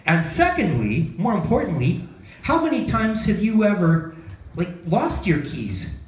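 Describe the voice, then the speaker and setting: A man's voice: sits high, sing-song, measured pace. A man doing an open mic stand-up set in a bar, self-deprecating and quizzing the crowd, then chatting about how it went. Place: bar comedy night. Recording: echoey bar room, faint ambience.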